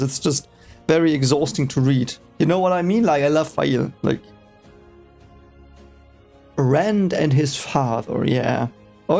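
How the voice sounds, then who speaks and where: A man's voice: a little high, vocal fry, darkish tone. A man whose first language is German, casually reading a book aloud for the first time and reacting with rambling, hesitant, exasperated asides.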